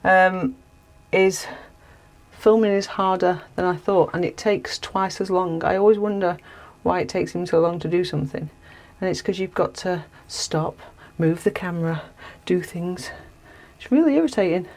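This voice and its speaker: A woman in her 40s vlogs solo while doing DIY in a small caravan under renovation on a windy day, chatting casually, poking fun at herself, rambling and losing her train of thought. Her voice is fairly low, a little mellow, at normal speed. She films herself on a stabilized camera that's sometimes far off, so the small room sounds echoey with faint wind noise.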